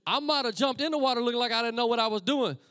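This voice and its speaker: A middle-aged man, a pastor preaching a sermon as a lively story and acting out the voices of the people in it. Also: very high voice, rapid-fire, no echo. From Texas. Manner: animated, acts out voices of friends and himself.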